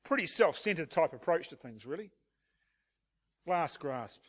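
High-voiced man preaching a sermon. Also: expressive, unhurried, slightly rough. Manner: expository preaching with rhetorical questions. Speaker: pastor.

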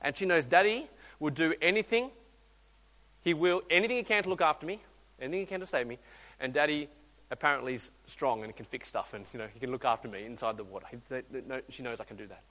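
A man, a guest preacher telling a story in a sermon, swinging between loud urging and quiet intimate speech. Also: medium pitch, fast, big-room sound. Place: church hall.

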